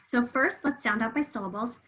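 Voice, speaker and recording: A woman's voice: fairly high pitch, a bit bright, rough recording. Patient woman teaching phonics online. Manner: patient, stretches words out slowly to sound them. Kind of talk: remote phonics lesson.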